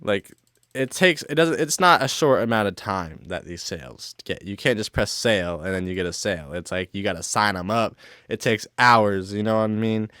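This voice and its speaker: Low-voiced young man rambling casually. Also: normal speed, fairly bright tone, clean tone, no echo, studio quality. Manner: rambling, filler-heavy with constant "like" and swearing. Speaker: storyteller. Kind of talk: casual storytime.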